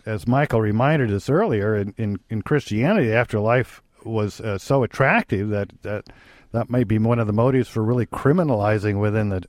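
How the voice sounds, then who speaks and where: A man's voice: lowish voice, darkish tone, no room sound, clean studio sound. A man co-hosting a call-in radio show, talking thoughtfully with many restarts and trailing-off phrases.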